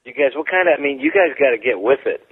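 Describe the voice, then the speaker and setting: A man in his forties from the United States talks in a radio studio. He is a comedian guest, joking with a deadpan delivery and wandering asides. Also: mid-range voice, quick pace, phone-quality sound. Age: 40s. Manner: deadpan, rambling jokey asides.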